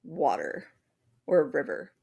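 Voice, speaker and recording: A woman co-hosting a podcast, presenting the episode's topic in casual chat, animated and swearing freely. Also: sits low, unhurried, gravelly, husky. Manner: animated, swears freely, acts out little voices.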